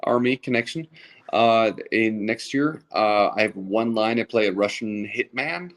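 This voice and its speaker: A man in his thirties with a lowish voice talks in a casual podcast chat. He stumbles through fillers and restarts, and his humor is dry and self-deprecating. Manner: halting, many fillers and restarts. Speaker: stand-up comedian guest.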